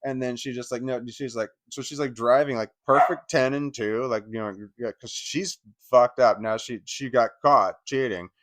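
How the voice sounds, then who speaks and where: A man's voice: medium pitch, steady tone, moderate pace, few pauses, fairly bright tone, dry recording. A man telling a painful personal story in a rambling, emotional way, swearing and using lots of fillers. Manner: rambling, emotional, profane retelling with many fillers. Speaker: channel host sharing personal history.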